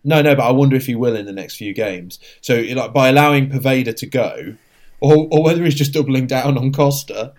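A man's voice: mid-range voice, fairly quick, a little mellow. A man co-hosting a casual football podcast, rambling through asides with frequent restarts. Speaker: podcast co-host.

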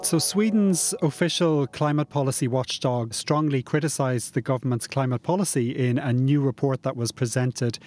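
A man hosting a podcast, reading a news segment in a measured, scripted way. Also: medium pitch, a little mellow, soft background music. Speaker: podcast host. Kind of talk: scripted news read and interviewing.

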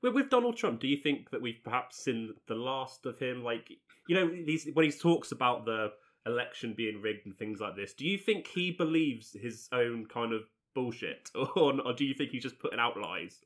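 A man's voice: mid-range voice, lively intonation, a little fast, a bit bright. Hesitant male podcast host asking questions. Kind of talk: conversational interview.

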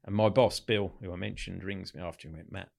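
A man with a fairly low voice talks through his old stories as a guest in a relaxed interview. He slips into the voices of people in his stories, replaying calls and chats as little scenes. His delivery is chatty and animated. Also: a little fast, creaky. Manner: animated anecdotes, quoting others in dialogue. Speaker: podcast guest. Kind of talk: storytelling in a casual interview.

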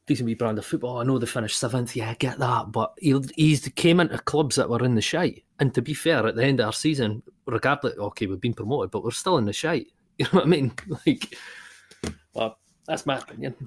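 A man with a Scottish accent co-hosting a casual football podcast, chatty and quick to laugh. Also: mid-range voice, slightly rough. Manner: chatty, peppered with "you know", quick to laugh. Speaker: podcast co-host.

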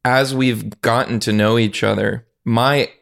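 A man's voice: mid-range voice, steady tone, unhurried, creaky, a bit bright. A man co-hosting a film podcast, talking in a playful, teasing way and speaking openly about his feelings. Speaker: podcast co-host. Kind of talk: casual film discussion.

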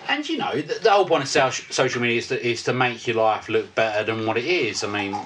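Sweary British man, bright lively voice. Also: medium pitch, fast talker, a little hiss or hum. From Britain. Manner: sweary, sarcastic banter. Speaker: podcast co-host. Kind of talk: casual chat.

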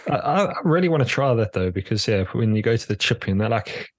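A man's voice: fairly low pitch, expressive, fast talker, dry recording. A man co-hosting a podcast in casual chat, hesitant with many fillers and laughs. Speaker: podcast co-host.

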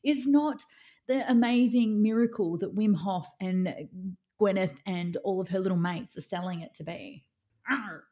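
A woman's voice: medium pitch, measured pace, warm tone. A woman co-hosting a podcast, chatting casually and scoffing at wellness claims with exasperated asides. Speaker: podcast co-host. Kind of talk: casual critical chat.

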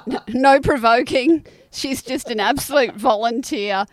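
A woman's voice: fairly high pitch, unhurried, no room sound. A woman with an Australian accent hosting a podcast, bantering and laughing with her guest in a teasing way. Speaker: podcast host. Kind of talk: casual podcast chat.

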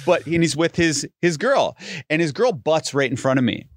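A man's voice: on the high side, animated, moderate pace, no echo, studio quality. A man co-hosting a podcast, reacting to his partner and telling his own story in casual chat. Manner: chatty, reactive, tells his own anecdote. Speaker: podcast co-host.

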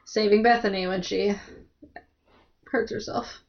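A woman's voice: mid-range voice, steady tone, unhurried, creaky, dull audio. A woman co-hosting a casual book discussion podcast, chatty and agreeable.

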